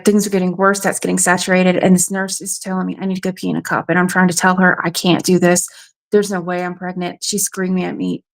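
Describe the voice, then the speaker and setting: A woman from South Carolina, frankly recounting a personal ordeal as a radio show guest. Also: on the low side. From South Carolina, USA. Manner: frank, matter-of-fact storytelling. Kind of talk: personal testimony.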